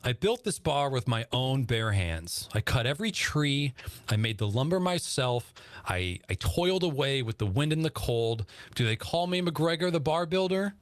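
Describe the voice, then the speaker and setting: A man's voice: medium pitch, sing-song, normal speed, no echo, studio quality, lightly acted. A man voicing an older male pub regular, bitter and proud, told as a joke in his own voice without an accent. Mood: aggrieved. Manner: emphatic storytelling, no real accent. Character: old male Irish pub bar builder, bitter and proud.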